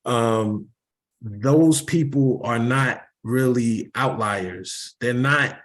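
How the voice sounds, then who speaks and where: A man speaking as a panelist in a measured way with pauses over a video call. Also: medium pitch. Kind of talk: panel discussion.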